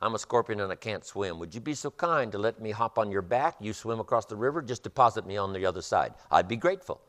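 A man's voice: on the low side, expressive, fast, a bit bright. A man voicing a polite, persuasive male scorpion in a told fable, coaxing and pleading.

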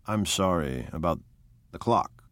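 Guy reading a jittery lovesick young man in a storybook, low hushed voice, halting, dry close sound. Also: expressive, dry recording. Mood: stiff, awkward. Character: nervous, awkward young man in love.

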